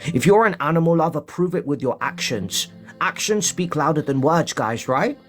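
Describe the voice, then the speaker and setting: A man's voice: on the high side, animated, moderate pace, soft background music. A man live-streaming from home, urging his viewers in a preachy way and repeating points for emphasis. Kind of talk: impassioned live-stream monologue.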